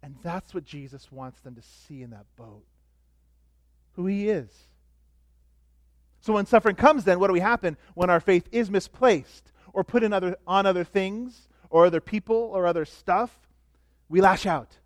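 A middle-aged man preaching a sermon as pastor, animated, dropping to soft asides. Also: high voice, moderate pace, no echo, studio quality.

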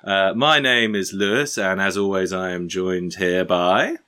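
A man's voice: low voice, unhurried, bright, forceful tone, clear, resonant tone. A man hosting a podcast, bantering casually and joking at his own expense, recorded on a poor mic. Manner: joking, self-deprecating banter. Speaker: podcast host. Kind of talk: casual chat. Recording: poor mic, slightly distant.

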